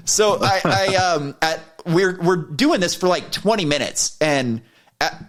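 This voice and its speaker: A man co-hosting a podcast, telling a heated personal story in a casual, profane way and getting animated when he quotes himself. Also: high-pitched, takes it slowly, long pauses. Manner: profane, heated retelling of an argument. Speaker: podcast co-host.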